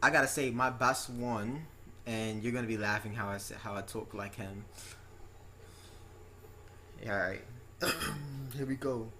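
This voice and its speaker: A man's voice: medium pitch, a little slow, pauses often, bright, forceful tone, a little hiss or hum. A young man hosting an interview, telling stories in a loose, rambling way with lots of restarts. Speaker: interview host. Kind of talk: casual chat.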